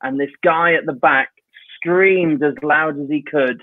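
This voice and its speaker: A man, a guest performer, telling an animated stage anecdote and acting out the shouts he quotes, heard over a remote call. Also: fairly high pitch, a little slow, no room sound. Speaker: guest clown. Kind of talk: casual anecdote. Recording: dry tinny phone-like line.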